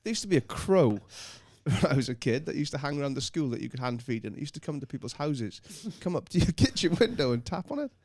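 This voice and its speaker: Laughing man, lively pitch. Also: quick pace, hardly any pauses, dry recording. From Wales. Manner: laughs often, rambling anecdotes. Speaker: podcast host. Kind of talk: casual chat.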